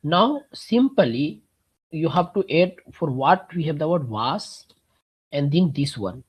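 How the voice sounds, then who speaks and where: Slow husky guy teaching german on a video call, explains step by step, keeps clearing his throat. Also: on the high side, very animated, low-quality recording. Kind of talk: online language lesson.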